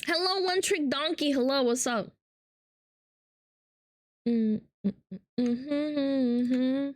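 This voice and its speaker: A woman's voice: high-pitched, slow pace, dry recording. A young woman chatting casually on a live stream, playful and teasing, switching between English and Russian.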